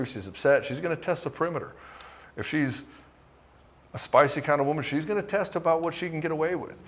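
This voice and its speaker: A man's voice: mid-range voice, a little hiss or hum. Guy coaching married men, blunt and casual, cusses a lot, mid voice, punchy short bursts. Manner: blunt, casual, swears freely. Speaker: relationship coach. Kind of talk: direct-to-camera coaching talk.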